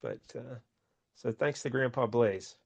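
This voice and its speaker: A man's voice: medium pitch, measured pace. A man co-hosting a casual comic book review podcast, making joking asides with frequent laughs. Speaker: podcast co-host. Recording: dull, lo-fi sound.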